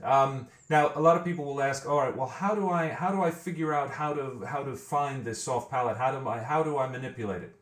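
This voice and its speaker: A man's voice: mid-range voice, brisk, hardly any pauses, roomy sound. A man teaching a vocal training lesson, explaining step by step and often repeating words as he thinks. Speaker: vocal coach.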